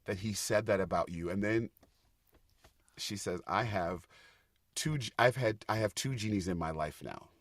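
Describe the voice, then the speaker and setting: A middle-aged man, a stage actor, telling stories on a casual podcast, animated and quick to laugh and get loud when excited. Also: lowish voice, dry recording. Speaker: guest, Broadway actor.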